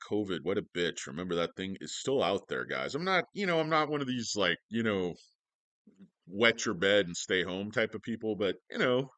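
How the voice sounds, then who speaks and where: A man rambles and jokes sarcastically through a casual stock livestream from his home office. His voice sits low but swings widely, with a bright edge and a dry, close sound. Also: no echo. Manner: joking, sarcastic, rambling with many fillers.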